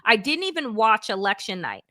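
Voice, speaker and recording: Bright, lively woman telling a story. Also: a little high, normal speed, no echo, studio quality. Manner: lively, quotes others in voices, laughs often. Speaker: political analyst. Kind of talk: casual chat, animated storytelling.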